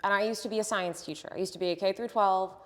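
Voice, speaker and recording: A woman's voice: medium pitch, steady tone, very fast, a bit bright, big-room sound. A woman health coach talking earnestly and passionately, explaining things step by step as a podcast guest. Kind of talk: casual interview chat.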